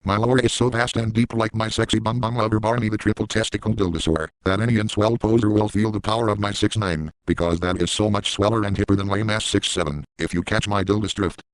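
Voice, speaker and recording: A man voicing a crude, boastful middle-aged cartoon dad in a parody comedy video, speaking in a deadpan way. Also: on the low side, fast talker, few pauses, dry recording, natural voice, rough recording. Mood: hyped. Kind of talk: parody voice acting.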